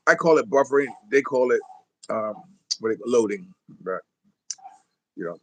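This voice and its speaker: A man's voice: mid-range voice, animated, moderate pace, pauses often. A man hosting a music show, chatting casually between songs in a rambling way, full of fillers and little chuckles.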